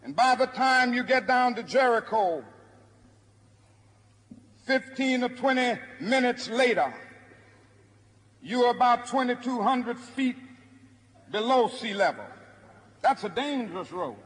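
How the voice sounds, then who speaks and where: A man preaching in a very high register. He builds his point with rhythmic repetition. The recording carries the long reverb of a large hall. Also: lively intonation, takes it slowly, long pauses, a bit bright. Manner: rhythmic, repeating preacher's cadence. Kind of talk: archival sermon oration.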